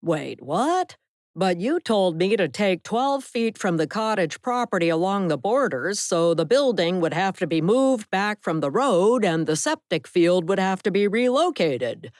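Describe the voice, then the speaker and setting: A woman's voice: mid-range voice, sing-song, measured pace, darkish tone, no echo, clean studio sound. A woman voicing a nervous, defensive male surveyor who protests at being used in an audiobook. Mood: protesting. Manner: protesting, flustered.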